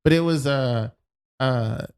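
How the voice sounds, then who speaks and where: A man's voice: medium pitch, slow, darkish tone, clear, resonant tone. A man chatting casually as a podcast co-host, rambling with frequent laughter. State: voice cracking.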